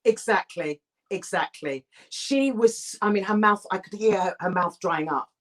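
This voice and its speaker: An animated, emphatic middle-aged actress talks openly during an interview, restarting often. She speaks at normal speed in a mid-range voice.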